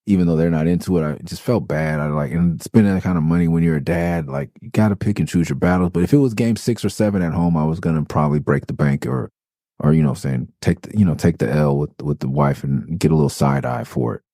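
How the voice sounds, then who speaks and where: A man's voice: low voice, fast talker, dark tone, dry recording. A middle-aged man from Los Angeles hosting a podcast, telling a loose, profane, rambling story with many restarts. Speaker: podcast host. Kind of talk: casual storytelling monologue.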